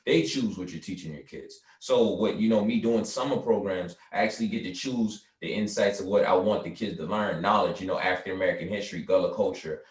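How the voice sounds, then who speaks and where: A man from the South Carolina Lowcountry, a guest in an interview, explaining his work earnestly and often saying "you know". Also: a little mellow, echoey room, far from the mic. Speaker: guest, artist and cultural foundation founder. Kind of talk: conversational interview.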